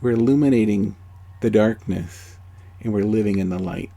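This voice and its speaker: A man teaching a spiritual course outdoors in a gentle, conversational way. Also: lowish voice, moderate pace, creaky. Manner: gentle, conversational, many "you know"s.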